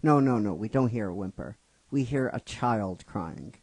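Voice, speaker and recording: A man's voice: on the low side, animated, normal speed, darkish tone, no echo. A middle-aged man casually narrating a fan-written story, rambling with frequent restarts and asides to his listeners. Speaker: narrator of a fan script series.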